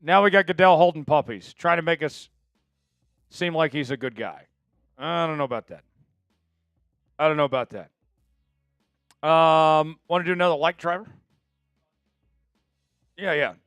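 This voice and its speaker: A man's voice: a little high, normal speed, long pauses, clean tone, no room sound, soft background music. A man hosting a live draft stream, chatting casually with viewers and hyping each pick. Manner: chatty, excitable, hypes viewers for likes.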